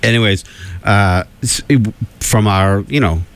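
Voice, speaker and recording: A man's voice: fairly low pitch, measured pace, slight background noise. A man hosting a radio show in casual, rambling chat, full of fillers and laughter.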